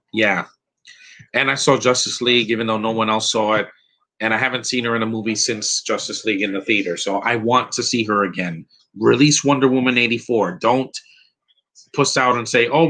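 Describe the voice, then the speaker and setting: A man's voice: on the low side, bright, forceful tone, poor audio. A man giving a rambling, opinionated live commentary over a film, restarting his sentences often. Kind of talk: casual live movie commentary.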